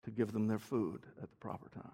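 A man's voice: on the low side, steady tone, brisk, creaky, warm tone, slightly rough. A man giving a teaching sermon in a conversational way, explaining words and asking his listeners questions. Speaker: preacher. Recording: long hall reverb.

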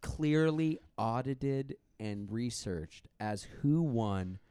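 A man's voice: mid-range voice, animated, extremely slow, dark tone, smooth, dry recording. Man, minister, blunt casual political chat, resonant voice. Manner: earnest, blunt, laughs easily.

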